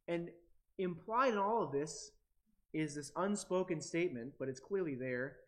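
A man preaching a sermon in a reflective way, with long dramatic pauses. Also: on the high side, lively intonation, a bit bright. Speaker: pastor.

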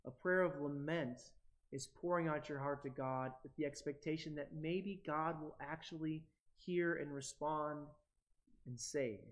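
Male pastor giving a sermon, slightly high voice, reflective delivery with long pauses. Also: steady tone.

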